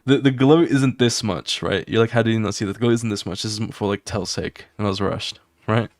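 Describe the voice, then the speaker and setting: Animated male streamer with a dry mic. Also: on the low side, no echo. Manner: animated, fast, swearing, sound effects. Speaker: artist streaming his drawing. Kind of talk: casual walkthrough of his comic pages.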